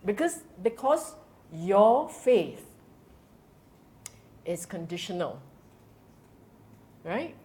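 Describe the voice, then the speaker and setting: This Singaporean-accented woman speaks very slowly in a mid-range voice, leaving long pauses as she addresses a congregation on the Dhamma. Her manner is animated: she repeatedly tests the audience, laughs, and drops in colloquial particles.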